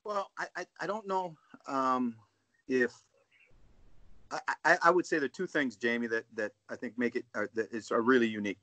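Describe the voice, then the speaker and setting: A man, a guest coach on a casual podcast call, telling animated stories and often asking "right?". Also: mid-range voice, normal speed, no echo. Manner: storytelling, animated, says "dude" and "right?".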